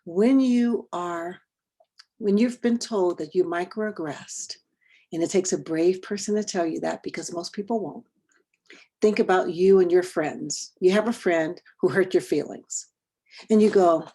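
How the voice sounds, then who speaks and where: A woman leading a training session over a video call, talking conversationally and quizzing her group with quick questions. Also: fairly low pitch, warm tone. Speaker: workshop trainer.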